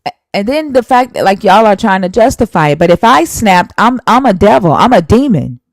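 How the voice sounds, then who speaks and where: A woman's voice: mid-range voice, big pitch swings, brisk, no room sound, poor audio. Woman streamer ranting at someone, emphatic and scolding, dry close sound. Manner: emphatic, scolding, cites scripture. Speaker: live stream host. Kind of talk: heated live-stream argument.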